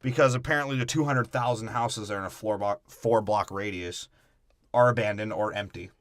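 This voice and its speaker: A man's voice: lowish voice, fairly quick, no echo, studio quality. A man co-hosting a podcast, riffing crudely through a movie recap and slipping into mock character voices. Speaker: podcast co-host.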